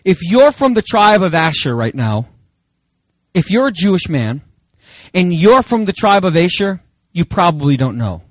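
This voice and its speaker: High-voiced man preaching emphatically. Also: very animated, moderate pace, no echo. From Germany. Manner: emphatic preaching, rhetorical questions to the congregation. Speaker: pastor. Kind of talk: sermon.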